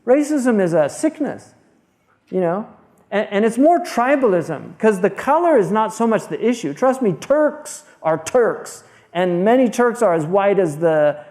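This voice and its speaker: Lecturing informally on religion, this American Islamic scholar talks in a blunt, conversational way, often restarting and drifting into asides. He has a high, expressive, slightly mellow voice with vocal fry and a moderate pace.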